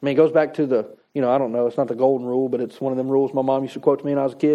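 A man's voice: mid-range voice, very fast, lo-fi sound. A man preaching a sermon in a conversational, folksy way, reading scripture and adding plain-spoken asides. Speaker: pastor.

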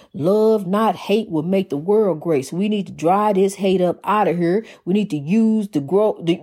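A woman's voice: mid-range voice, dark tone. A woman preaching an informal sermon in rhythmic, repeated refrains, folksy and calling her listeners honey.

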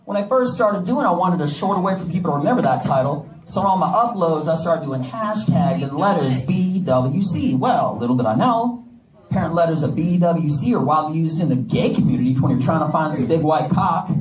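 A man's voice: fairly high pitch, lively intonation, brisk, darkish tone, soft background music. A man doing a stand-up comedy set with a brash manner, joking with the crowd. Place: comedy club stage. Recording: echoey club, distant mic, audience noise. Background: audience laughing.

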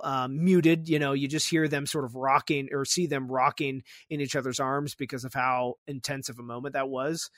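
A man's voice: a little high, a bit bright, no echo, clean studio sound. A young adult man hosting a podcast, casually and animatedly retelling a story and swearing freely. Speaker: podcast host. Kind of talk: casual chat.

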